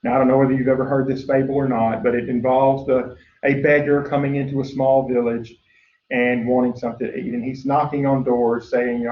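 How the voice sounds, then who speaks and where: A man's voice: medium pitch, flat delivery, fast, recorded from a distance. A man teaching a recorded biology lecture in a chatty way, with frequent "uh" fillers, drifting into storytelling. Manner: chatty, lots of "uh" fillers, acts out story voices. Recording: echoey room, dull lo-fi sound, faint hiss.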